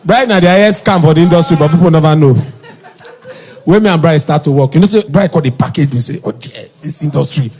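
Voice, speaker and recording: A man telling comic stories in Nigerian Pidgin English, jumping into high, shouted voices for the people he quotes. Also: quick pace. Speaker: stand-up comedian. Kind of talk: comic storytelling monologue.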